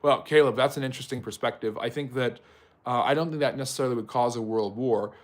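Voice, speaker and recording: Male live-stream history host, mid-pitched voice, conversational, answers chat by name, rambling explanations full of ums and self-corrections. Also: fast talker. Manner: talks directly to chat viewers by name.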